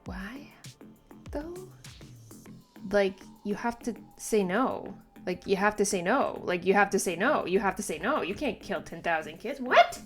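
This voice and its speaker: A woman's voice: mid-range voice, animated, a little slow. Woman host, casual manga reaction chat, emphatic and exasperated, filler-heavy, faint music under her. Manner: frequent "like" fillers and swearing.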